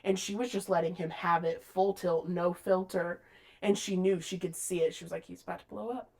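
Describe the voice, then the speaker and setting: A woman co-hosting a casual book podcast, retelling scenes with lively acted-out lines. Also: fairly low pitch, moderate pace. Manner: animated, acts out characters' lines mid-story. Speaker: podcast co-host.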